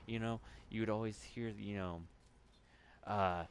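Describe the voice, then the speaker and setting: Male gaming commentator, deep voice, loose and rambling, full of ums and restarts, occasional swearing, faint background noise. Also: fairly even intonation, measured pace. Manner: rambling, many fillers and restarts, swears when losing his train of thought. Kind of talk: casual gameplay commentary.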